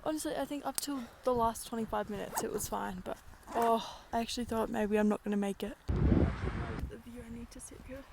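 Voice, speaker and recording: Young Australian woman, chatty and blunt travel vlogger, slightly high voice, recorded on a phone outside with heavy noise behind. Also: moderate pace, gravelly. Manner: chatty, candid, swears freely. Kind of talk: casual vlog chat. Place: outdoors on a windy mountain. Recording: noisy outdoor phone recording.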